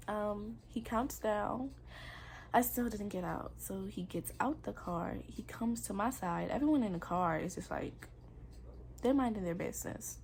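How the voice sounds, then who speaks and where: Young adult woman, personal storytime vlog, candid, earnest, casual slang, medium pitch. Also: unhurried, creaky, darkish tone, slight background noise. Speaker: vlogger.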